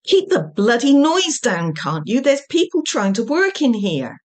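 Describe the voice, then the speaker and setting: A woman's voice: mid-range voice, a little slow, close to an everyday voice. Woman doing Varma, a brusque fed-up officer. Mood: exasperated. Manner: shouts curses and orders. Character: brusque female security officer, exasperated.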